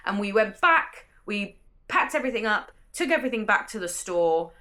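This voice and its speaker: A woman's voice: mid-range voice, sing-song, normal speed, sharp tone. A young British woman vlogging casually about her work week as a bookseller, chatty and enthusiastic, her sentences running on. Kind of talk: casual vlog narration. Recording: staticky audio.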